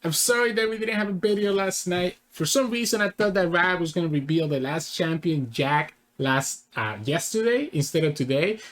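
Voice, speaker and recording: Guy doing a chatty reaction vid, bouncy pitch, keeps correcting himself. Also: lively intonation, normal speed, hardly any pauses. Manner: rambling, corrects himself mid-thought. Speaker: channel host. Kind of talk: casual reaction commentary.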